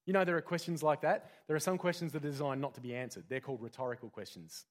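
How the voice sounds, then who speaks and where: A pastor giving a conversational sermon full of rhetorical questions. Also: male voice, fairly high pitch, quick pace.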